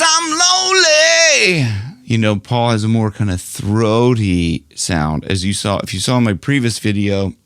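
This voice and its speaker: A middle-aged man teaching singing in a casual, chatty online lesson, who keeps breaking into loud nasal sung demonstrations. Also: lowish voice, dry recording, studio quality. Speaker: vocal coach.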